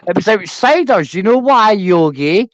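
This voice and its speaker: A man's voice: high-pitched, animated, moderate pace, no room sound. A man on a livestream panel, crude, mocking and rambling, heard through slightly dull stream audio. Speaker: panel guest. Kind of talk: heated livestream panel banter.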